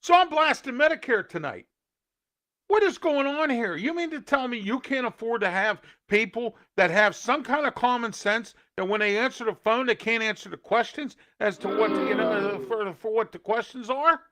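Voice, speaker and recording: Male show host from the Pittsburgh area, scolding opinion rants, high-pitched with a sharp edge. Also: normal speed. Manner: ranting, indignant, scolding.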